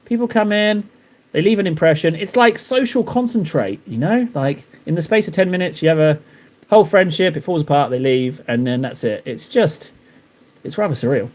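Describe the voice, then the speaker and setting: This young adult man speaks on the high side with an animated delivery, a moderate pace, and a darkish tone. Painting miniatures on his live stream, he chats playfully with viewers and teases them in mock-dramatic bursts.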